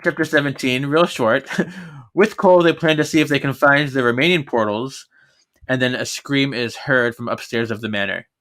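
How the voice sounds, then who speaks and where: A man's voice: medium pitch, moderate pace, fairly bright tone. A man co-hosting a podcast, summarizing a book chapter by chapter with frequent laughter. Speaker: podcast co-host. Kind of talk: casual book-recap chat.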